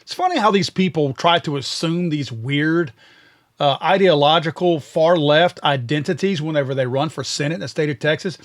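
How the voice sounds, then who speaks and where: A man's voice: a little high, normal speed. A man from Louisiana hosting a podcast, giving blunt and sarcastic political commentary. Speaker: podcast host.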